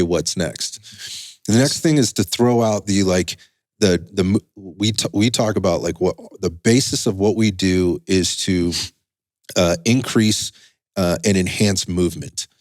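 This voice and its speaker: A man with a notably low, deep voice hosts a casual podcast conversation, speaking emphatically and often restarting his sentences as he rambles through a point. His voice sounds close and dry on a studio microphone, with no room echo. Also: moderate pace, a little mellow. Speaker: podcast host and strength coach.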